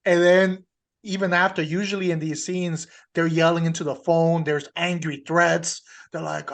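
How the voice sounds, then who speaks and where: A man co-hosting a podcast, telling stories in a relaxed way and laughing often. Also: a little high, unhurried. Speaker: podcast co-host. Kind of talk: casual chat.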